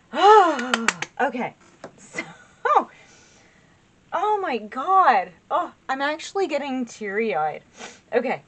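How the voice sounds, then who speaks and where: A woman in her forties doing a casual tarot reading to camera, chatty and excitable, rambling with asides to her viewers. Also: on the low side, slight background noise. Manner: chatty and excitable, laughs often, gushes over cards. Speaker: tarot reader.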